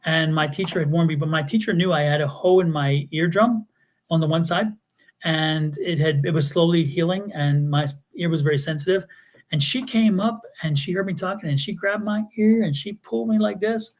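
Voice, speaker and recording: Animated storytelling man, fairly high voice. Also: brisk. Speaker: tarot reader co-host. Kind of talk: casual chat on live stream.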